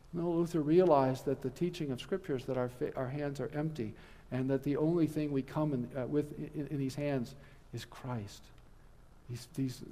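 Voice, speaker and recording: A man's voice: fairly high pitch, warm tone. A middle-aged man giving a conference lecture in a church hall, earnest and emphatic, with wry asides. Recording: long reverb of a large hall.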